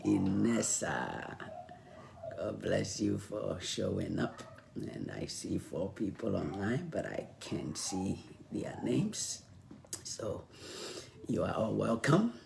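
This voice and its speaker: A hoarse man who is losing his voice, giving a live-streamed motivational talk and often dropping to a near-whisper. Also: fairly low pitch, darkish tone, slight background noise. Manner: slow and reflective, often drops to a near-whisper. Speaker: online motivational speaker.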